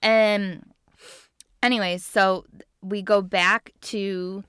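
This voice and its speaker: A woman's voice: mid-range voice, little pitch movement, very slow, fairly bright tone, smooth, dry recording, clean studio sound. A woman in her thirties co-hosting a casual podcast, retelling a cartoon episode and acting out the characters' lines. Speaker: podcast co-host.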